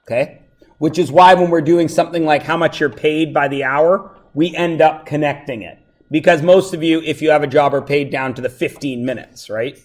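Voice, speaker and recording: A man's voice: a little high, steady tone, normal speed. A man teaching a math review lesson to a classroom, joking and going off on tangents while checking that his students follow.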